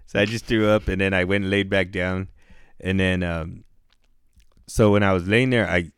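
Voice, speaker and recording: A man's voice: low-pitched, fairly even intonation, normal speed, clean tone, dry recording. A man casually telling a long story to a friend, rambling and swearing, full of "like" and "dude". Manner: profane, rambling, heavy with "like" and "dude".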